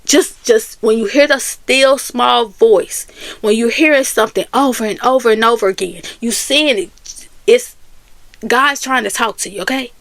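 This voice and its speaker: A woman casually telling a personal story to her viewers, animated and talking straight to them. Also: on the high side, normal speed, no echo. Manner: animated, Southern US Black vernacular phrasing, addresses viewers as y'all.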